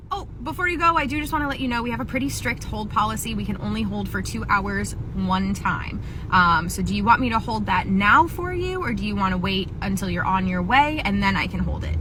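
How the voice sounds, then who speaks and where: A young woman telling a retail comedy sketch in a wry, deadpan way while playing a store associate. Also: mid-range voice, fairly quick, noisy background. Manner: wry, deadpan storytelling, chuckles between lines. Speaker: comedy skit creator. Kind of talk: sketch narration with acted lines.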